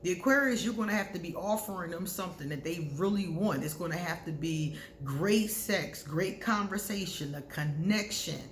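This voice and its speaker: Chatty woman vlogger, frank advice, laughs loud, echoey room. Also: lowish voice, normal speed, few pauses, slight background noise. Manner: candid, conversational, bursts of loud laughter. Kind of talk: casual advice talk to camera.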